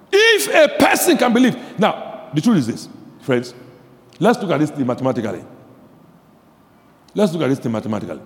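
Animated preacher with a lively high voice. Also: male voice, brisk, long pauses, big-room sound. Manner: animated preaching, swinging from quiet asides to shouted emphasis; repeats phrases for emphasis, asks the audience questions. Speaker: pastor. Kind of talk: sermon.

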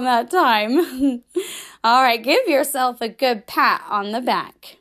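A woman teaching a children's class, speaking slowly and with exaggerated, bubbly emphasis for young kids. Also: high voice, expressive, a bit bright. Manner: bubbly, frequent laughs. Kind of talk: children's lesson, sing-along.

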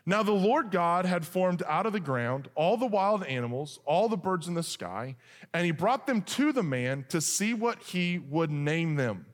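A man preaching a sermon, telling a humorous story with lively asides and then reading scripture. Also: high voice, measured pace. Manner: animated, joking, shifts into acted voices for characters. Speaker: pastor. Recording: long hall reverb.

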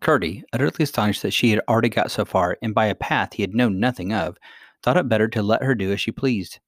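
A man calmly reading a children's story aloud as narrator. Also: on the low side, fast talker, dry recording, studio quality.

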